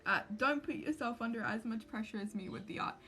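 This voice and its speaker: A woman's voice: a little high, a little fast, fairly bright tone. A young woman, livestreaming as she crafts a cosplay mask, chatting anxiously and rambling to her viewers. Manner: anxious, rambling, talks to chat while drawing. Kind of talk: casual livestream chat while crafting.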